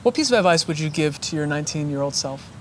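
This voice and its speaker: An interviewer asking brisk, friendly quick-fire questions in a casual chat. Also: medium pitch, expressive, slight background noise.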